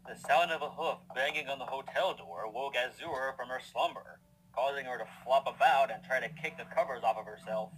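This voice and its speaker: A man reading narration for a fanfiction audio story in a steady, measured way. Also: medium pitch, breathy edge, rough recording. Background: background music.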